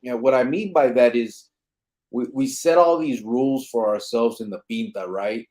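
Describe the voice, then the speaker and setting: Chill guy on a live podcast, street slang, cusses a lot, reads chat out loud. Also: medium pitch, normal speed. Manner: laid-back, swears freely, street slang. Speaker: podcast host reading chat comments.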